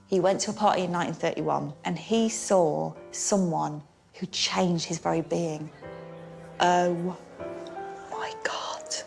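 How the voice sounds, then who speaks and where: A woman's voice: lowish voice, normal speed, vocal fry, over music. A woman telling history drunk, rambling, giggly and sweary. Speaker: drunk storyteller. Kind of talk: tipsy comic history retelling.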